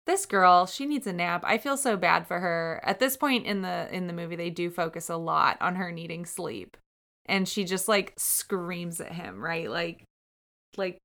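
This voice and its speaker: A woman's voice: lowish voice, a bit bright. A woman chatting about a movie, blunt and laughing, swearing casually.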